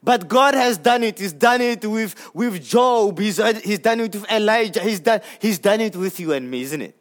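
A man preaching a sermon in a conversational way, repeating words as he goes, swinging between emphatic highs and hushed, low lines. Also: lively intonation, normal speed. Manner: repeats words while gathering thoughts.

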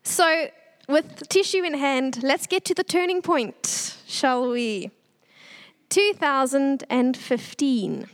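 A young woman giving an earnest, tearful church testimony, pausing often. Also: high-pitched.

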